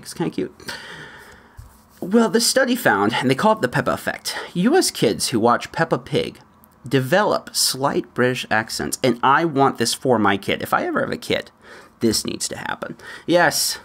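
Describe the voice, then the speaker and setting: A man hosts his own podcast and talks casually through the news. His pitch swings up and down a lot, and he laughs and tosses in asides as he goes. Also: normal speed. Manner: chatty, laughs often, lively asides. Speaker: podcast host. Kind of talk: solo podcast commentary.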